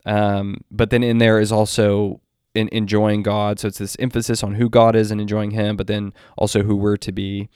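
A man's voice: fairly low pitch, flat delivery, darkish tone, clean tone, dry recording, studio quality. A man giving a spoken commentary on a theology article. He reads long quotes and often restarts his sentences as he reasons aloud. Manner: deliberate, quotes text at length with restarts. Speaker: Christian commentator.

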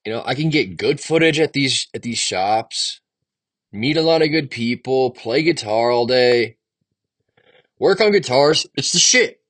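Young male podcast host, solo ramble, swears a lot, pitch jumps all over, voice of frustration. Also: lively intonation, a little slow, fairly bright tone. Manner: frustrated, profane, rambling venting. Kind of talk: solo stream-of-consciousness podcast monologue.

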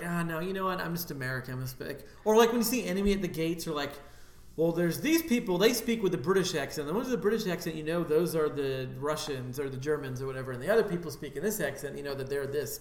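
Higher-voiced rambling man, echoey room. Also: fast talker, a little mellow. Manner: rambling, full of asides and fillers. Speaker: podcast co-host. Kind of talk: casual film chat. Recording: roomy echo.

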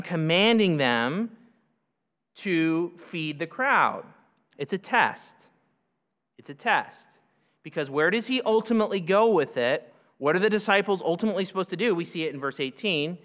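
Bright-voiced man preaching in a reverberant hall. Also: sits high, expressive, moderate pace. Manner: conversational, asks rhetorical questions, then answers them. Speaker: pastor. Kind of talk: expository sermon.

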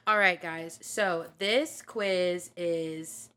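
A woman co-hosting a casual chat and reading out quiz questions, animated and full of slang. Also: on the low side, extremely slow. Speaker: co-host, quiz reader.

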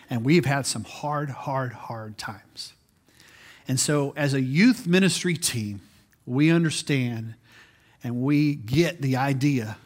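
A man in his forties preaching a sermon in a conversational way as pastor, often repeating words as he restarts. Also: medium pitch.

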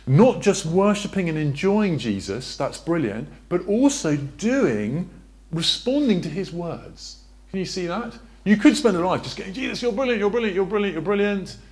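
A man preaching a sermon in a church, lively and questioning, drawing on a board as he talks. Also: fairly high pitch. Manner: lively, asks the congregation questions, draws on a board.

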